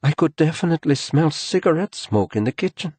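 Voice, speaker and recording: A man's voice: a little high, animated, a little fast, breathy edge, no echo, pitched above the performer's own voice. A man voicing a tense, frightened wife and mother in an audiobook, talking sharply and anxiously. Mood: angry. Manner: sharp and anxious, rising into anger.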